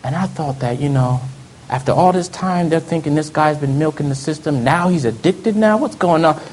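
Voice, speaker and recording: A man telling a personal testimony in an earnest storytelling way, often dropping to soft low tones. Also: normal speed, a little hiss or hum. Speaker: speaker giving testimony.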